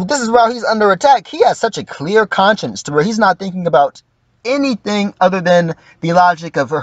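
A man's voice: fairly high pitch, no room sound. A man giving casual, profane livestream commentary, acting out quoted lines in mock voices.

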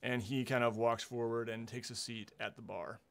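A man's voice: mid-range voice, steady tone, slight background noise. Hesitant man game master. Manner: halting, many ums. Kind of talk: narrating a tabletop game.

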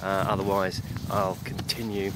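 A man hosting a daily podcast, giving a casual news update while walking uphill, out of breath and halting with many fillers and restarts. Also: low-pitched, monotone. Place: outdoors on a hill. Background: clear outdoor noise.

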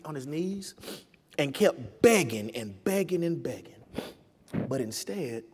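Impassioned preacher with a slightly high voice. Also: male voice, expressive, a little slow, long reverb tail, a little hiss or hum. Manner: impassioned, building from quiet to loud. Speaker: pastor. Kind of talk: sermon. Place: church sanctuary.

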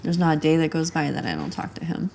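A woman's voice: sits low, big pitch swings, fast talker, a little mellow, slight background noise. Heartfelt woman in her forties. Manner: heartfelt, reflective. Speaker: interviewee. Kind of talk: documentary interview.

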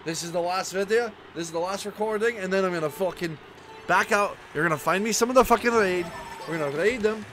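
A man's voice: high-pitched, fast talker, fairly bright tone, slight background noise. A man doing raging, sarcastic gameplay commentary in a put-on Scottish accent, swearing as he rants. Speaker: gaming channel host. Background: racing game music.

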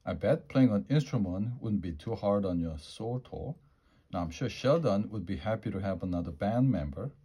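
A man's voice: on the low side, expressive, normal speed, dark tone, breathy edge. Coaxing friendly teacher in a story, everyday voice, read by a man. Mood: encouraging.

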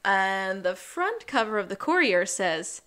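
A woman's voice: medium pitch, sing-song, a little slow, a bit bright, clean tone. A woman co-hosting a podcast, animatedly retelling an episode in casual chat and laughing often. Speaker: podcast co-host.

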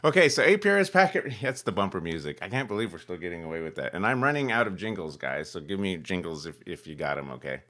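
A man's voice: sits low, lively intonation, fast talker, few pauses, a bit bright. A man hosting a ham radio channel, explaining a radio demo in a rambling, chuckling way with lots of fillers. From California. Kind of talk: casual demo vlog.

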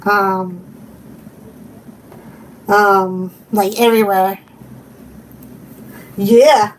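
A woman's voice: mid-range voice, fairly even intonation, very slow. A woman chatting casually on a live stream, giggling often and talking to her viewers. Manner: giggly, chatty, laughs often and reads chat aloud. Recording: distant mic with faint background noise.

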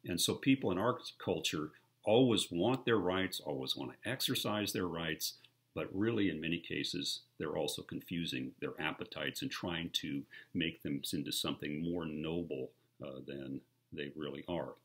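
An older man preaching with a low voice and a husky, slightly breathy edge. He talks through his sermon like a story told to friends and lifts into animated retellings. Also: moderate pace. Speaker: pastor.

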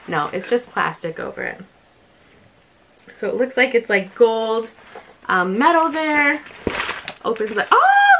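Young woman unboxing vlogger, lively high voice, gushy and chatty. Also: slight background noise. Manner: gushing, bubbly, says "like" a lot. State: a bit out of breath. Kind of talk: casual unboxing chat.

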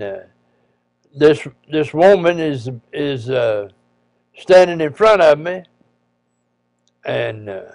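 A man, a preacher, telling a personal story in a folksy, halting way with frequent pauses and restarts. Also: fairly high pitch, darkish tone, no room sound.

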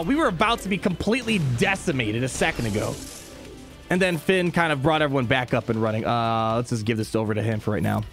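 Animated man streaming gameplay. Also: sits high. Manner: excitable, talks to chat, quick mood swings. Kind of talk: live gameplay commentary.

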